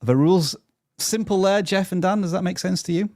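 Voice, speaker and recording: A man's voice: sits high, a little fast, a little mellow, no room sound, clean studio sound. A man hosting a live stream, reading out viewer questions in an upbeat, chatty way and stumbling over unfamiliar names. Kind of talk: live channel-review stream.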